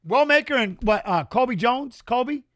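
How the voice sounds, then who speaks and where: A man hosting a live-stream watch-along, giving casual fight commentary in an excitable, slangy way and teasing the chat. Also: extremely high pitch, moderate pace.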